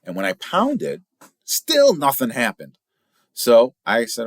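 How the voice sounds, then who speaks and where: A middle-aged man from Illinois hosting a casual podcast as a firearms instructor, telling stories in a chatty, animated way with big jumps in pitch for emphasis. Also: measured pace. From Illinois, USA.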